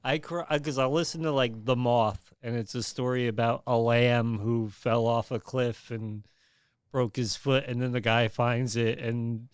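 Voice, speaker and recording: Smooth-voiced comedian guest. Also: male voice, mid-range voice, a little slow, dry recording, studio quality. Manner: relaxed, self-deprecating storytelling. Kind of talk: casual podcast chat.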